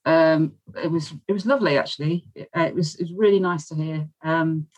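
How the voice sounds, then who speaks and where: Low-voiced woman, enthusiastic. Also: steady tone, a little fast, a little mellow, poor audio. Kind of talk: casual chat.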